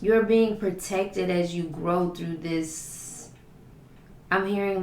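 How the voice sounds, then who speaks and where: Gravelly-voiced woman giving a tarot reading. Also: fairly low pitch, steady tone, slow, a little mellow, reverberant. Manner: flowing, repetitive, affirming delivery with many list phrases. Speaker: tarot reader.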